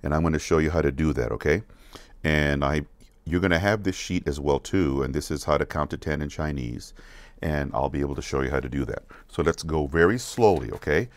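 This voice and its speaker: A music teacher with a bass voice and an American accent leads children through a counting song, with no echo in the recording. He goes slowly, repeating each word so they can follow, and asks questions to check they're keeping up in this patient lesson.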